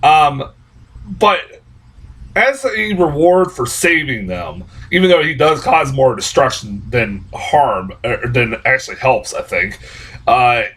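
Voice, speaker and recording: A man's voice: medium pitch, lively intonation, slow pace, fairly bright tone, slight background noise, low-quality recording. A young man reviewing a movie in a casual, exasperated rant, cursing often and rambling through restarts and laughs. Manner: exasperated profane ranting.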